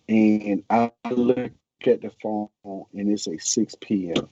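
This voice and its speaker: A former pro football player tells a story animatedly over a video call, acting out quotes and restarting often. His medium-pitched voice moves at a measured pace, with crowd noise behind him and muffled call audio.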